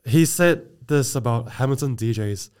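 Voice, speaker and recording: A man hosting a casual podcast interview, relaxed and agreeable, with many fillers. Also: mid-range voice, normal speed, smooth. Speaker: podcast host.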